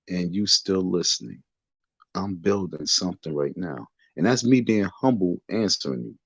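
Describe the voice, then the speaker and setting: A man with a lowish voice delivers a defiant, preachy livestream rant, circling back over the same phrases like a sermon. He talks into a phone from his bedroom. The sound is dull and lo-fi, with a close, dry feel and no room echo. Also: normal speed, fairly bright tone, breathy edge. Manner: repetitive, defiant, sermon-like lecturing. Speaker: livestream host. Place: bedroom in the dark.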